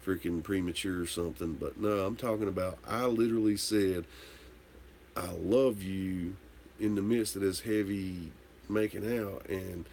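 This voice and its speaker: Low gravelly man, tipsy livestream host, loose rambling storyteller, faint hum behind. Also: fairly even intonation, moderate pace, darkish tone. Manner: rambling, candid, swears casually. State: tipsy from drinking. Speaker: livestream host answering viewer comments. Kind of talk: casual storytelling chat.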